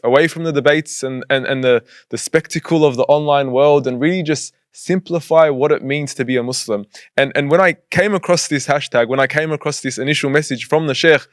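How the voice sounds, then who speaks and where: A man hosting an interview, speaking in a thoughtful, measured way. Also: mid-range voice, no echo, studio quality. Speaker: host.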